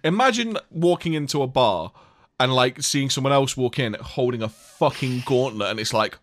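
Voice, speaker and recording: A man in casual podcast chat, telling animated stories about games. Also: medium pitch, normal speed. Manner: chatty, animated storytelling with laughs. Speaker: podcast co-host.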